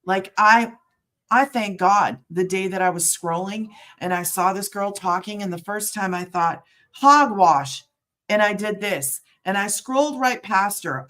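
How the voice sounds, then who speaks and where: Middle-aged woman, regular vlog host, chatty and meandering, breaks off mid-sentence, quick to laugh. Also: medium pitch, fairly bright tone. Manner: rambling, self-interrupting, laughs often. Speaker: work-from-home business promoter. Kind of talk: casual livestream chat.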